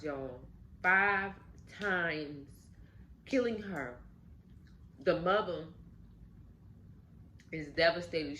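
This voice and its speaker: A woman's voice: fairly low pitch, slight background noise, low-quality recording. A woman host casually telling a story while eating, talking directly to her viewers. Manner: animated, addresses viewers directly. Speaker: channel host.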